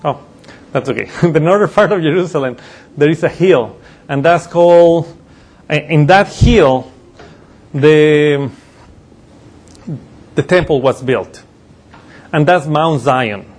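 A man preaching a sermon, explaining scripture in a loose teaching way with pauses and self-corrections. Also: fairly high pitch. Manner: uses slides while teaching.

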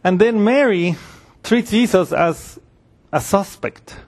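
A man delivering a sermon in a relaxed, conversational style. His voice sits a little high for a man. Now and then he briefly acts out the voices of the people in his story. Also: slow. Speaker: preacher.

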